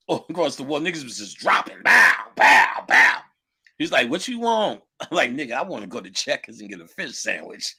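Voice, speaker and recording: Husky, bright-voiced man telling stories. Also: a little high. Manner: animated, profane, laughing, acts out quotes. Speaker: spiritual lecturer. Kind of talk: casual storytelling talk.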